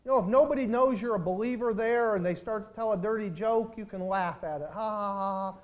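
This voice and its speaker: A man preaching a sermon as pastor, swelling into loud, stretched-out emphasis and then dropping back to a conversational tone. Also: high-pitched, lo-fi sound. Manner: preaching with surges of volume and drawn-out emphasis.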